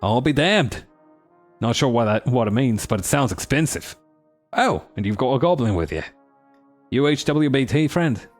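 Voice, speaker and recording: A man's voice: mid-range voice, lively intonation, moderate pace, soft background music, natural voice. A man voicing a boastful, cheerful male dwarf historian in a put-on Australian accent that drifts toward Cockney, with a jaunty, theatrical delivery.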